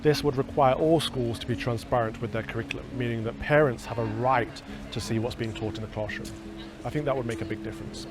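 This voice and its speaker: A man's voice: mid-range voice, steady tone, fast talker. A man presenting a documentary in a scripted, earnest and persuasive way. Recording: music bed beneath the voice.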